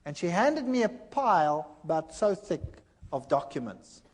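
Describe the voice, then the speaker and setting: A middle-aged man giving a personal testimony, telling his story with animated, acted-out dialogue. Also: fairly high pitch, a little slow, big-room sound.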